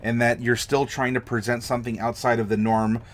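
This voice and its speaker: A man's voice: medium pitch, level tone, a little fast. Enthusiastic American man giving game-master tips. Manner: enthusiastic, demonstrative. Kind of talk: livestream advice chat.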